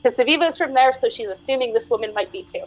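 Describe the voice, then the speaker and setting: A woman's voice: a little high, fast talker, soft background music, poor audio. A woman playing a tabletop game, describing her character's actions in the third person. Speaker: player. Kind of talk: tabletop role-play.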